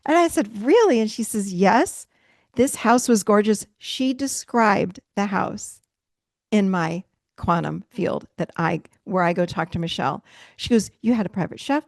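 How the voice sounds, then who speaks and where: A middle-aged woman leading a virtual workshop, telling stories in a casual, animated way and acting out what people said, with frequent laughs. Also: mid-range voice, a little slow, creaky, no room sound, clean studio sound. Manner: animated storytelling, acts out quotes with laughs. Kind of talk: casual talk to a group. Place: video call. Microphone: video call mic.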